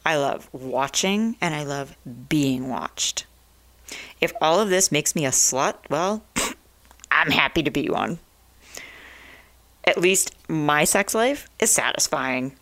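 Blunt low-voiced woman radio host. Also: animated, slow, pauses often, fairly bright tone. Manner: blunt, profane, provocative. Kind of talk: talk radio rant.

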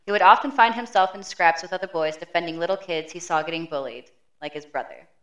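A woman co-hosts a true crime podcast and reads out a prepared summary of the case. Her voice sits a little low, and her storytelling stays steady and matter-of-fact. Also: fast talker, dull audio. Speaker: podcast co-host.

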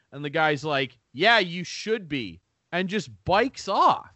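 A man's voice: on the high side, lively intonation, takes it slowly, bright, forceful tone, no room sound. A man co-hosting a podcast, telling a story in casual, profane chat over a remote call. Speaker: podcast co-host. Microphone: remote call mic.

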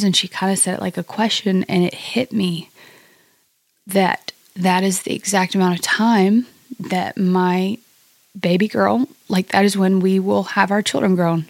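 A middle-aged woman, a podcast guest, speaking reflectively and haltingly in a personal conversation. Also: mid-range voice, steady tone, gravelly, no room sound. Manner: reflective, halting, with many fillers and restarts. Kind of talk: personal conversation about grief.

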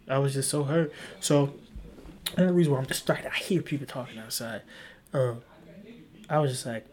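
A young man hosting a casual solo podcast, rambling through stories with swearing and voicing his past self in sudden high pitches. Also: moderate pace, pauses often, a little mellow. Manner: rambling, swearing, voice jumps high when acting out his own past lines. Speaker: podcast host.

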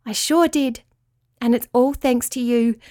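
Tiny brave spider girl, read by a woman, high and bright, eager storybook voice. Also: a little slow, lightly acted. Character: tiny cheerful female spider, timid but brave.

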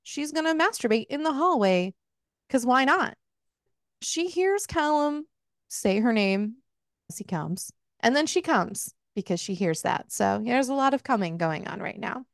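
A woman's voice: on the high side, expressive, a little slow, no room sound, studio quality. A woman hosting a book club podcast, recapping a novel in casual, frank and profane chat, laughing often.

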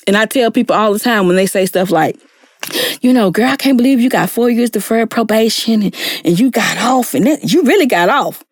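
Lady telling her story, earnest, higher voice, dry close mic. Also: lively intonation, a little fast, dry recording. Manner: earnest, acts out quoted people with raised voice. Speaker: guest sharing her story. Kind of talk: emotional personal testimony.

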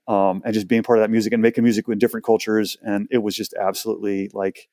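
A man in his forties from Houston, a guest telling animated stories in a casual interview, full of restarts and asides. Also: fairly low pitch, fast, dry recording, clean studio sound. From Houston, Texas. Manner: animated, chatty, many restarts.

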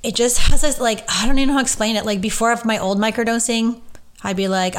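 A woman's voice: medium pitch, fairly quick. A woman who works as a medium, hosting a casual solo podcast and talking in a gushing, rambling way full of fillers.

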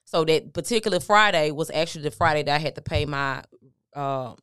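Woman, middle-aged, interview guest, conversational, smooth voice, dry recording. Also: low voice, brisk, fairly bright tone, no echo. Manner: conversational, recounting with quoted dialogue. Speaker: guest, motivational speaker. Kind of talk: candid storytelling interview.

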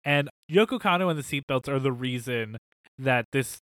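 A man co-hosting a podcast in casual chat, animated and laughing often, with loose filler words. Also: mid-range voice, normal speed, dry recording, clean studio sound. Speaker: podcast co-host.

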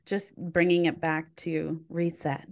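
A woman's voice: low voice, little pitch movement, slow pace, a little mellow. A woman hosting a podcast, mostly offering brief, supportive affirmations in casual conversation. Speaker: podcast host.

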